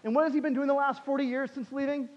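Animated high-voiced man preaching. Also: fast, long reverb tail, lo-fi sound. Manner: animated, swings from loud to hushed. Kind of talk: sermon. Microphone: headset mic.

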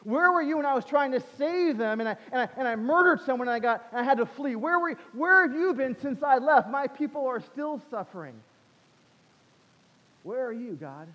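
A doubting, anxious man, as a preacher puts him on, pleading in a high, strained voice. He frets and argues in short bursts within a sermon. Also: animated, normal speed, a little mellow, no echo, dull audio.

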